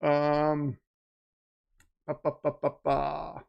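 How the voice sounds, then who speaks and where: A man hosting a casual livestream and reading viewer messages, talkative, keyed up and nervous, swinging from loud to quiet. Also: a little high, extremely slow, gravelly, muffled recording. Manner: excitable, talkative, jumps between loud and quiet. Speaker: livestream host reading super chats.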